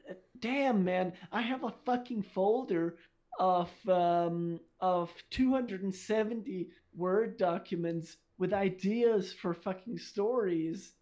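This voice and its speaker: A woman's voice: mid-range voice, dark tone. A woman in casual podcast talk, venting her frustration with a lot of swearing. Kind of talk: casual chat.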